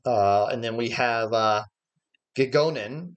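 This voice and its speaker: Man teaching a Bible study, mid-pitched. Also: slow pace, lo-fi sound. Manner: explains Greek words step by step, thinking aloud with frequent "uh" fillers. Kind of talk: livestreamed Bible study lesson. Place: church livestream.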